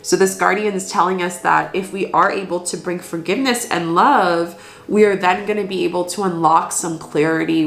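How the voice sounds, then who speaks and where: A woman's voice: on the low side, gravelly, roomy sound. A woman giving an earnest, soothing spiritual card reading, often restarting her sentences. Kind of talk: casual spoken card reading.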